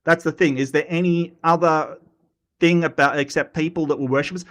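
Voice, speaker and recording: A man hosting a casual livestream, animated and self-mocking, often stumbling over his words. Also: on the high side, fairly quick. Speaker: host.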